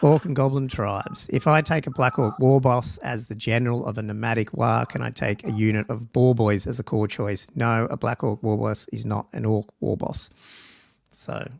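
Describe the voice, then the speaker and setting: Dude hosting a stream, gravelly voice, mid pitch, reads stuff out and mulls it over with lots of ums. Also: male voice, steady tone, moderate pace, darkish tone, dry recording, studio quality. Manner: thinks aloud while reading out rules, with fillers and restarts. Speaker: podcast host. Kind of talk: casual livestream chat.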